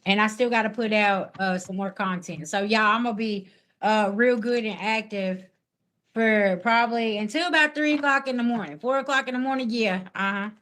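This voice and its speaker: A woman with a medium-pitched, slightly bright voice speaks at a moderate pace. She's chatting casually on a live stream as a spiritual reader, answering viewers' comments in a sassy, blunt way and talking straight back at the chat.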